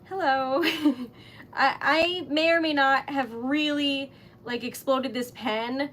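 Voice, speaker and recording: A woman hosts a relaxed craft livestream in a high, bright voice. She talks at an unhurried pace, giggling and getting flustered often. A faint rumble sits under the recording. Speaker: livestream host making wax seal stickers. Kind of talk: casual livestream chat.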